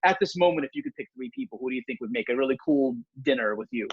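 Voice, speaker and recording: A man's voice: medium pitch, very animated, rapid-fire, creaky, breathy edge, no room sound, narrow, tinny audio. A man hosting a podcast over a video call, chatty and musing, drifting into tangents. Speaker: podcast host. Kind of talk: casual chat.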